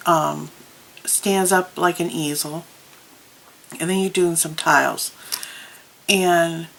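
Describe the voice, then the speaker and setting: A woman's voice: on the low side, slight background noise, low-quality recording. A woman vlogger chatting casually about crafts, telling stories with plenty of ums. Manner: chatty, storytelling with many ums. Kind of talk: casual chat.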